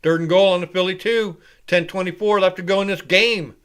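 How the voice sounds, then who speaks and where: A man with a fairly high voice hosting a live sports reaction show. He drifts from the game into rambling, profane asides, then jumps back in louder and higher to call the action. The talk is loose and unscripted, like chatting to viewers. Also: fairly even intonation, a little fast, clear, resonant tone. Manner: rambling and casual, with profanity, rising and louder when calling plays. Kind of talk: live play-by-play reaction commentary.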